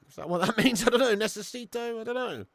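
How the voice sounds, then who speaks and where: A man's voice: extremely high pitch, quick pace, vocal fry, fairly bright tone, no echo. A young man hosting a live football watch-along who chats, swears and laughs, bantering with viewers in the chat.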